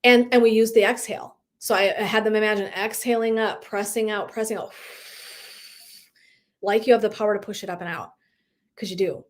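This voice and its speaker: A woman's voice: mid-range voice, fairly even intonation, fairly quick, pauses often. A woman in her thirties, a wellness coach, talking casually and animatedly on a live video, swearing lightly and laughing often. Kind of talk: casual live-stream talk.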